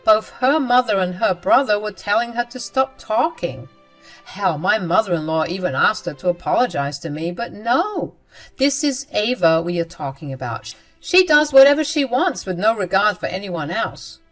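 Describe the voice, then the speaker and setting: A young woman tells a personal story as scripted narration, confiding and emotional, at a mid pitch. Soft music runs faintly beneath her. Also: lively intonation, normal speed, low-quality recording.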